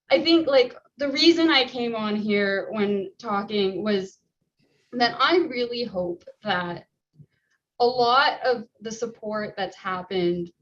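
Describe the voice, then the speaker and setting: A woman's voice: medium pitch, lo-fi sound. Shaken woman telling her story. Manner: shaky, halting, with nervous laughs. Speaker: resident sharing her story. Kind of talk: emotional personal testimony.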